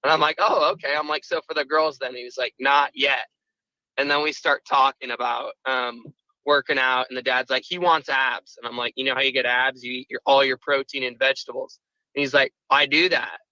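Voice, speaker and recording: A man's voice: mid-range voice, flat delivery, a little fast, bright, forceful tone, no room sound, low-quality recording. A man in his twenties calling in to a podcast, rambling and filling his talk with "like" and "right". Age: 20s. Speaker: caller. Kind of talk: casual call-in chat.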